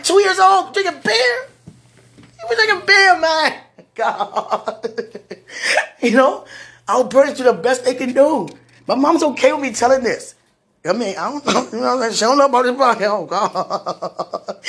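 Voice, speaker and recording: A woman's voice: on the high side, slightly rough. A woman hosting a podcast, telling personal stories in a chatty way, laughing often and speaking about her faith. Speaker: podcast host. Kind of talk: casual personal storytelling.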